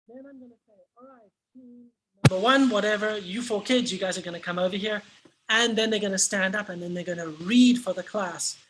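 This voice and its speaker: Woman, teacher trainer, bright clear tone, energetic, demonstrative. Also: mid-range voice, low-quality recording. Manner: energetic, acts out classroom prompts.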